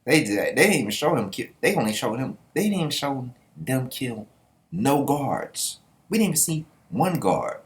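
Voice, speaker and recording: A man's voice: medium pitch, very animated, moderate pace. Young guy reacting to manga, sarcastic and joking, voice bouncing all over. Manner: sarcastic, joking, laughs often. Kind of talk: casual reaction commentary.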